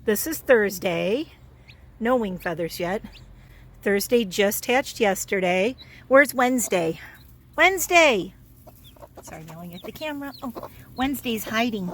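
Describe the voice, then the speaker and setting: A woman's voice: mid-range voice, lively intonation, normal speed. A woman vlogging casually from her backyard chicken coop and garden, cooing and baby-talking at her chicks between chatty explanations, recorded on a handheld camera. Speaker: homestead vlogger. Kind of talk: casual vlog tour.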